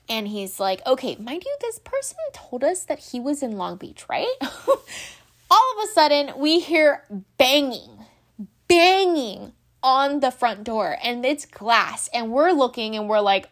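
A woman's voice: on the high side, measured pace. A young adult woman telling a story in a casual, chatty way, full of fillers like "like" and "um". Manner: chatty, animated, many fillers like "like" and "um". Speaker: vlogger.

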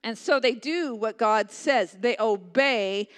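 A woman preaching a sermon with passion, swinging from loud emphatic lines to hushed ones and repeating phrases for emphasis. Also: on the high side, slow pace, smooth.

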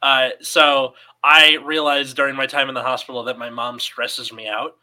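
A man's voice: mid-range voice, little pitch movement, moderate pace, bright, forceful tone, poor audio. A man telling stories in casual podcast chat, hesitant with many restarts.

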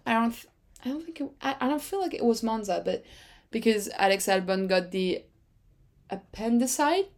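A woman's voice: on the high side, normal speed. Chatty woman podcaster. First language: French. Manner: rambling, chatty, self-correcting, with sudden excited jumps. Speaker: podcast host. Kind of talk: casual solo chat.

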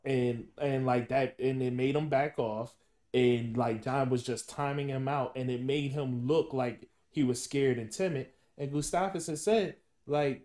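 A man's voice: medium pitch, a little mellow. Podcast host guy, mid voice, stops and restarts a lot while asking stuff. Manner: halting, many restarts while forming questions. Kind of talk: casual podcast chat.

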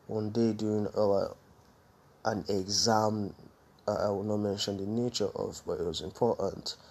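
A man's voice: lowish voice, steady tone, measured pace, vocal fry, a little mellow, breathy edge. A man hosting a podcast on his own, telling a personal story in a rambling, candid way and often correcting himself mid-sentence. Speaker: podcast host. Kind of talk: casual solo storytelling.

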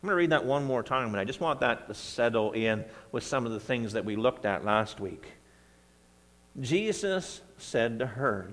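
Animated preacher in a reverberant church. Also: male voice, medium pitch, normal speed. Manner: conversational, animated reading of scripture with bursts of emphasis. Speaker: pastor. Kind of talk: sermon. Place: church sanctuary.

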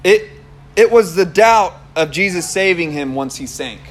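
A young man with a notably high voice preaches in a loose, conversational way. He tells stories with energy and breaks into laughs along the way. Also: unhurried. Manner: conversational, animated storytelling with laughs. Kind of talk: casual sermon.

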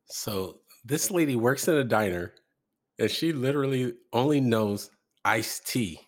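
A man's voice: mid-range voice, animated, a little slow. A man hosting a podcast, casually commenting on clips and laughing often. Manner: laughs often, amused and incredulous. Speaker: podcast host reacting to clips.

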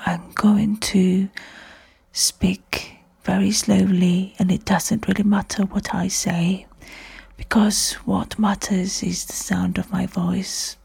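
A woman doing a breathy ASMR whisperer, whispered role-play. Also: medium pitch, darkish tone, exaggerated voice. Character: soft-spoken woman ASMR whisperer, slow and soothing.

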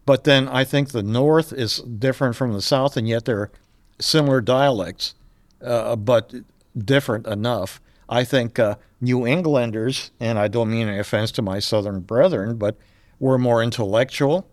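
Older man, relaxed storyteller. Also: medium pitch, normal speed, dry recording. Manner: storytelling, chuckles often. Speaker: podcast guest. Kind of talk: casual chat.

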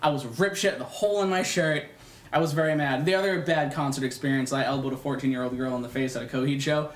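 A young man, co-hosting a casual podcast and telling a profane, animated story that acts out the other voices. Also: medium pitch, fast talker. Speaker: podcast co-host. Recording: echoey room.

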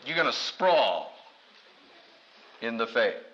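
Taking it slowly in a sing-song, slightly bright voice, a man delivers a dramatic sermon full of humorous asides. He acts out quoted voices with big swings in pitch, captured on a dull lo-fi recording with slight background noise.

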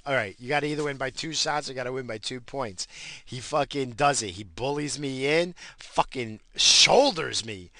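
A man's voice: medium pitch, no room sound. A middle-aged man from New York with a New York accent, telling a story in a casual monologue and swearing constantly. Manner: heavy swearing, animated. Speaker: solo storyteller.

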